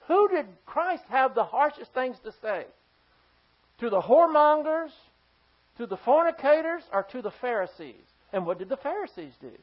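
A pastor giving a sermon to a congregation, emphatic and firing rhetorical questions at the listeners. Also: high voice. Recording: slightly dull lo-fi sound.

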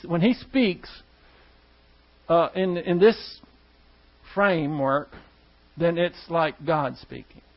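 A man preaching a sermon to his congregation, conversational and full of questions to the room. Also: sits high. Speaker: pastor. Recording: dull lo-fi church recording.

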